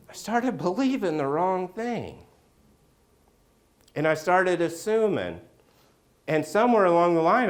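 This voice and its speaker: Animated storytelling pastor, man. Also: high voice. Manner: animated storyteller, acts out scenes with loud outbursts. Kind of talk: sermon with a personal story. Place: church sanctuary.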